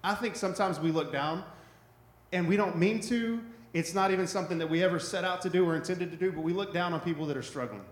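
A male pastor with a high voice delivers a sermon in a relaxed, conversational way. He keeps checking in with the congregation with "right?". The sound is roomy and echoey. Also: fast. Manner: conversational, repetitive, asks "right?" often.

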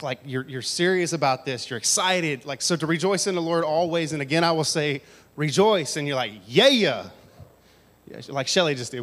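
A man preaching a casual, conversational sermon to a congregation on a handheld mic, with joking asides. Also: fairly high pitch. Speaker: pastor. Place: church hall with audience. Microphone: handheld microphone. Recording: long hall reverb.

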